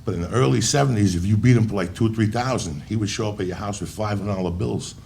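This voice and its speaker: A man telling a profane stand-up story with a New Jersey accent, bursting into shouts. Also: lowish voice, fast, gravelly, a little hiss or hum. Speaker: stand-up comedian.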